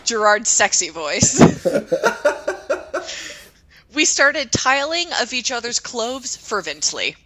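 A woman's voice: a little high, sing-song, slow, long pauses, sharp tone. A woman reading fan fiction aloud on a comedy podcast, stumbling over its misspellings and laughing.

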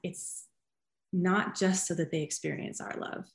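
A woman's voice: fairly low pitch, steady tone, a little slow, creaky. A woman hosting an interview, affirming and reflecting on what her guest shares. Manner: warm affirming listener. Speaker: host. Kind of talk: interview conversation.

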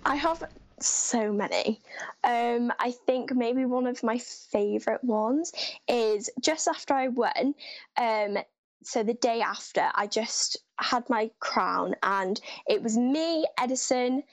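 A woman's voice: a little high, takes it slowly, low-quality recording. A teenage girl from Great Britain, a guest on a live-stream interview, bubbly and enthusiastic with a giggly manner. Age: teens.

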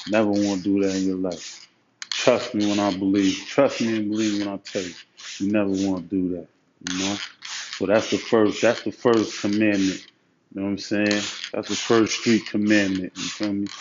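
A man giving street advice in a casual storytelling monologue, full of slang and "you know what I'm saying". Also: fairly low pitch. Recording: muffled lo-fi recording with steady noise.

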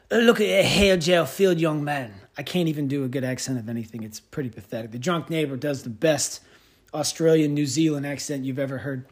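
A man hosting a podcast, telling stories in a rambling, wry, self-mocking way. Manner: rambling, wry, self-mocking storyteller with big pitch swings. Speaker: podcast host. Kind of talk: casual monologue.

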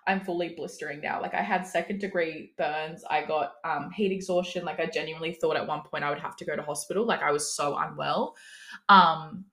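Young woman coach doing a solo podcast, kinda low voice, super casual and chatty, swears a lot, says "like" constantly. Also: steady tone, fairly quick, a bit bright. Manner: casual, chatty, swears freely, frequent "like" fillers. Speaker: business coach, podcast host. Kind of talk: candid solo podcast monologue.

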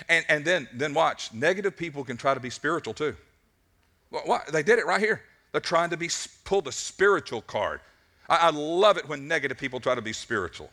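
A man preaching to his congregation, with a bright, forceful voice that sits a little high. He tells his story with lots of animation, stumbling into quick repeated words as he builds toward each point. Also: animated. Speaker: pastor. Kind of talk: sermon. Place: church service.

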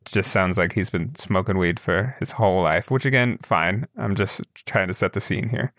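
A young man telling a story in casual chat, animated and laughing, lifting his voice to quote people. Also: deep voice, moderate pace, no echo, studio quality. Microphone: remote call with broken camera.

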